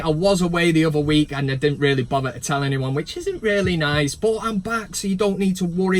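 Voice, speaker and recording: A man hosting a football vlog, chatting casually in a rambling, jokey, self-mocking way, recorded on a camera without a separate microphone inside a van. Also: a little high. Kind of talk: casual chat. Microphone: camera's built-in mic, no microphone.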